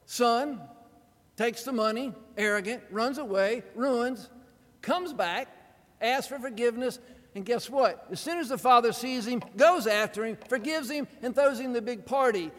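A man delivers a sermon in a high, lively voice that leans into drama and wry humor. Long reverb from a large church hall trails after each phrase. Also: measured pace. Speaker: preacher.

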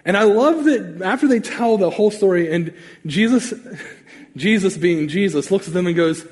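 A man's voice: high voice, normal speed. A man preaching a sermon as pastor, casual and conversational, acting out the voices in the stories he tells. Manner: animated, conversational, acts out quotes. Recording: long reverb of a large hall.

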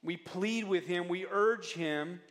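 A man preaching a sermon as a pastor, earnest and often dropping into soft, low tones when he pleads. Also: slow. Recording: long reverb of a church hall.

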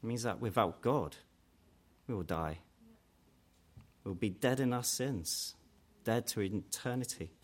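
A man preaching a sermon in an earnest way, growing louder and higher when he voices quoted challenges. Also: a little slow. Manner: earnest, rises in pitch and force when quoting mockers.

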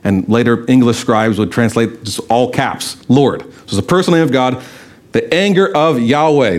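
A man's voice: mid-range voice, a little fast. A man preaching a sermon in a conversational way, asking rhetorical questions and telling stories. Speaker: pastor.

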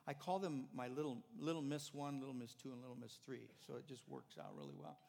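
An older man preaching a conversational sermon, swinging from emphatic, raised passages to soft, quiet ones, with many restarts and asides. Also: medium pitch, expressive, a little fast, gravelly. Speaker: pastor. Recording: hall reverb.

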